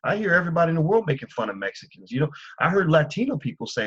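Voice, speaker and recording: Husky-voiced man ranting on a stream. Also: fairly high pitch, rapid-fire, hardly any pauses. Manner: animated, profane ranting. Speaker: commentator. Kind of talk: live-streamed commentary. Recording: muffled lo-fi stream audio.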